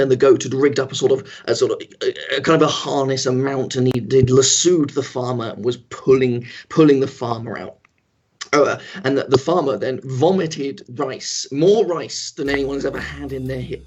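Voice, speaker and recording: A man's voice: mid-range voice, normal speed, darkish tone, faint music behind. A man telling an improvised comic story in a rambling way, with lots of fillers, on slightly dull lo-fi stream audio. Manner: rambling, with filler and self-corrections. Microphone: home computer mic on a livestream.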